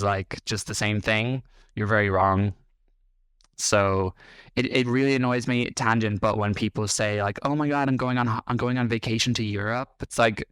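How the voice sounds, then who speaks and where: A man's voice: fairly low pitch, fairly bright tone, clear, resonant tone, no room sound. A man, giving sardonic, defensive reaction-video commentary. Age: 30s. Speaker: YouTube commentator.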